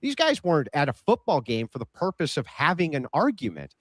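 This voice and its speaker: A man arguing in a debate, measured and insistent. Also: a little high, wildly swooping pitch, fairly bright tone, no room sound. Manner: measured, insistent, asks to finish. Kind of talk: debate argument.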